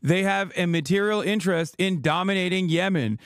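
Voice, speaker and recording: Man in his 30s, heated profane streamer rant, higher-pitched voice, dry close mic. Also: fairly quick, no echo. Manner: angry, profane, sarcastic. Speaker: political streamer.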